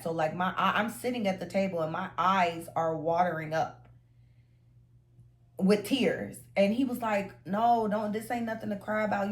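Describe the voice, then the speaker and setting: A woman telling a personal story to camera in a casual vlog, chatty and animated, acting out what people said in slangy talk. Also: lowish voice. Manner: animated, acts out quotes, slangy. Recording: roomy echo.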